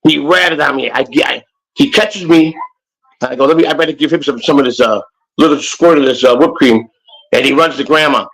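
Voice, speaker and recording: A man's voice: fairly high pitch, quick pace, vocal fry, a bit bright, rough recording. An older man and grandfather co-hosting a casual morning chat show, rambling and joking with many restarts. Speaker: co-host.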